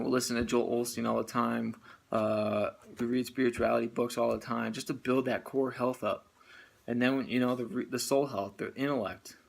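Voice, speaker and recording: A man's voice: medium pitch, gravelly. A man casually recapping a book chapter and giving motivational advice, rambling with lots of "you know" and "uh". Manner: earnest, motivational. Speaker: network marketing business owner.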